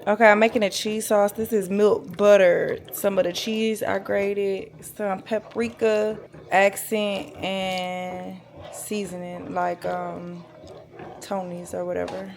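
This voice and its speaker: A woman's voice: medium pitch, level tone, slow, creaky. A young woman vlogging in a loose, chatty and informal way, talking straight to her viewers. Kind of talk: casual vlog chat to camera.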